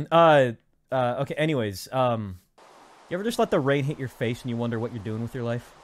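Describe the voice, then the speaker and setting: Rambling, self-mocking young streamer. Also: male voice, mid-range voice, expressive, fairly quick, slight background noise. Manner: jokey rambling, self-mocking asides to chat; counts out loud under his breath. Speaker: gaming streamer. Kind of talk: casual live-stream commentary while building.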